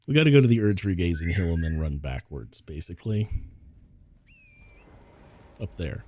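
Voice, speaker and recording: A man's voice: low-pitched, very animated, moderate pace, darkish tone. A man giving casual gameplay commentary as a VTuber, rambling and laughing often at himself.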